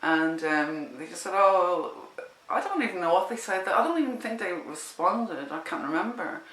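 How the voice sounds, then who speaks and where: A woman tells a personal story in a loose, rambling way, often breaking off and restarting her sentences. Her voice is bright and sharp-edged. The room around her echoes. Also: fairly low pitch, moderate pace. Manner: animated, rambling, with many restarts. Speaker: vlogger telling a personal story. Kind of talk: casual spoken storytelling.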